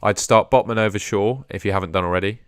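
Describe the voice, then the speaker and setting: Low-voiced man chatting on a live stream. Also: quick pace, clean tone, dry recording, studio quality. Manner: chatty, thinks aloud while fiddling with screens. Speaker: host. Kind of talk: casual live stream chat.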